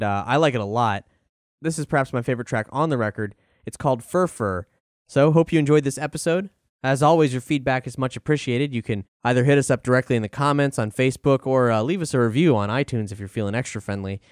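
A male podcast host talks through his outro in an easy, chatty way, dropping the odd filler as he goes. His voice is smooth and clear, recorded dry and close with no room sound. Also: mid-range voice, fast talker, no echo. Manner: relaxed, chatty recommendations with fillers.

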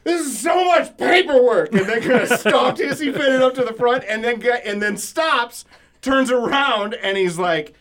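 A man co-hosting a podcast, telling a long story in casual chat, profane and animated, dropping from loud bursts to low mumbles. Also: normal speed. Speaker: podcast co-host.

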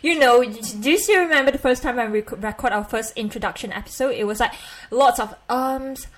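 A woman's voice: fairly high pitch, fairly quick, low-quality recording. Woman, Malaysian accent, podcast co-host, casual chat, rambling, giggly. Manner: giggly, rambling, many fillers.

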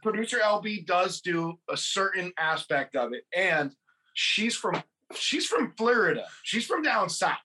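A man's voice: high voice, very animated, a little slow, sharp tone. A man from California co-hosting a podcast, chatting casually, rambling, swearing and laughing. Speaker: podcast co-host. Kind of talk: casual chat about a film.

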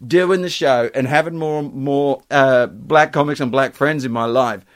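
A man's voice: medium pitch, moderate pace. A man with an Australian accent, an older comic, chatting casually and joking with lots of swearing. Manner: animated, swearing, jokey. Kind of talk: casual comedic chat.

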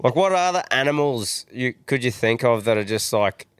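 Casting: young Australian man, podcast host, crude jokey banter, smooth voice. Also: mid-range voice, normal speed, dry recording, clean studio sound. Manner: crude, jokey, animated storyteller. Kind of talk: casual banter.

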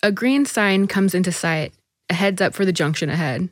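Woman narrator, story reading, lowish voice, dry close sound, measured. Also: lively intonation, no echo.

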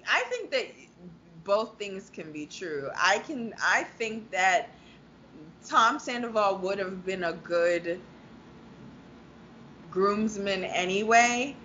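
Woman co-host, emphatic, swears, bright tense voice, dull lo-fi with faint hiss. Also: mid-range voice. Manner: emphatic, swears freely, acts out quotes. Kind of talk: casual reality-TV recap chat.

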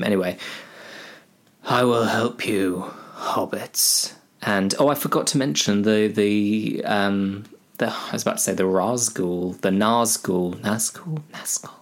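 A man's voice: fairly low pitch, creaky. A man comically retelling a fantasy tale, rambling with lots of hesitations and self-mockery. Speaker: storyteller.

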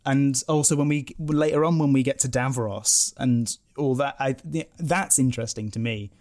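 Male podcast co-host, casual chat, mid-pitched, rambling delivery with lots of restarts. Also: moderate pace, a little mellow. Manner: rambling, many restarts and self-corrections.

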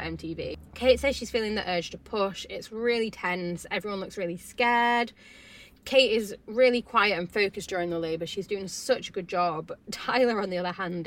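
A woman's voice: medium pitch, fairly bright tone. Chatty woman giving opinionated commentary. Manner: chatty and opinionated, reacting with feeling. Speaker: vlogger recapping a reality TV episode. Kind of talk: casual recap commentary.

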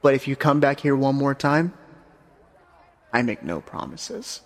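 Brief: man playing female Death in a tabletop game, stern and protective, hushed and low. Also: sing-song, measured pace. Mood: stern quiet. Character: female Death, stern yet caring guardian of the dead.

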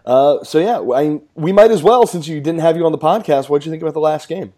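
A man's voice: on the high side, brisk, warm tone. A man hosting a casual sports podcast, laughing easily and rambling with restarts. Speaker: podcast host.

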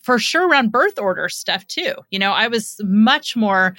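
A woman's voice: medium pitch, animated, normal speed, hardly any pauses, pushed and bright, dry recording. A middle-aged woman, a psychotherapist guest on a podcast, explaining things in a conversational way with lots of fillers.

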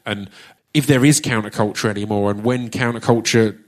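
A man's voice: lowish voice, steady tone, a little fast. A man with an Essex accent hosting a live audience Q&A on stage, chatting casually, joking, swearing and restarting his sentences. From Essex, England. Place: theatre stage at a live book launch.

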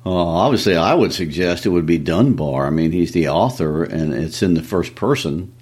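A male teacher joining a poetry discussion, relaxed and measured, chuckling between points. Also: deep voice, husky. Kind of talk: conversational lesson discussion.

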